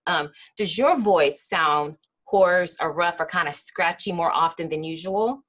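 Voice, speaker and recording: A woman with a slightly low voice delivers an educational lecture. She explains things patiently and often pauses on "um" and "kinda". Now and then she acts out short example phrases. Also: fairly bright tone. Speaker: speech therapist giving a lecture.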